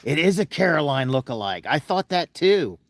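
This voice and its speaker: A man's voice: fairly high pitch, sing-song, normal speed, gravelly, no echo. A man hosting a casual livestream, talking in a folksy, chatty way and fussing affectionately over an animal. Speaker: livestream host.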